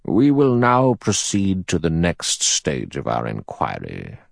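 A man doing a cold gravelly old judge. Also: deep voice, huge pitch swings, dry recording, clean studio sound, exaggerated voice. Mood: measured, cold. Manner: measured, deliberate delivery. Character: elderly male judge, cold and precise. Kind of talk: audiobook character reading.

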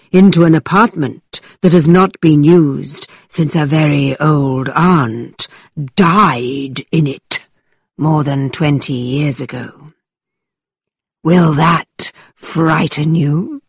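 A woman voicing a playful young gentleman who tells a tale in a low, dramatic voice to tease a listener. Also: breathy edge, dry recording, clean studio sound, full character voice. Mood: teasing.

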